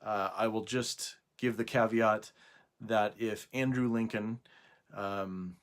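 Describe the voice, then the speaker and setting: A man talking casually to camera indoors for a video response, hesitant, with frequent pauses and fillers. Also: fairly low pitch, fairly even intonation. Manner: hesitant, with many fillers and restarts. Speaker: YouTuber making a video response. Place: indoors at night.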